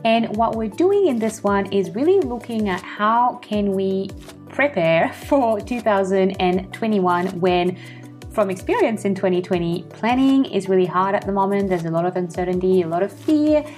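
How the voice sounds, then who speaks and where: A woman's voice: medium pitch, lively intonation, moderate pace, darkish tone, soft background music. A woman co-hosting a podcast in casual chat, talkative, laughing easily and thinking aloud. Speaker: podcast co-host.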